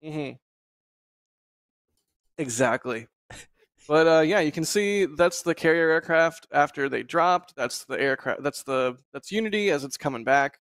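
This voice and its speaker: A man hosting a casual live stream, talking in a relaxed, rambling way with frequent laughs over a video call. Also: on the high side, a little slow, pauses often, no room sound, clean studio sound. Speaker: host.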